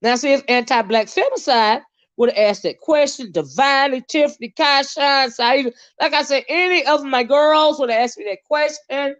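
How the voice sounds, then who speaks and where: A woman hosting a live stream, ranting at her viewers in a heated, profane way, flaring into loud outbursts and dropping to low muttered asides. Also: normal speed, hardly any pauses, dry recording, muffled recording.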